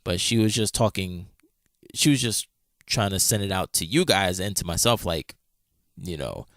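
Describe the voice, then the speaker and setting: A man's voice: low voice, animated, normal speed, fairly bright tone, dry recording, clean studio sound. A man co-hosting a podcast, retelling a friend's story in a rambling casual way, full of fillers and restarts. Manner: rambling retelling, many fillers and restarts, acts out quoted lines. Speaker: podcast co-host.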